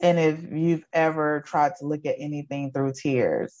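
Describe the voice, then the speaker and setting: A woman's voice: sits low, fairly even intonation, normal speed, darkish tone, highs cut off. A woman in her forties, an educator, giving an emotional personal testimony in an earnest, repetitive storytelling way. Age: 40s. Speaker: guest, educator.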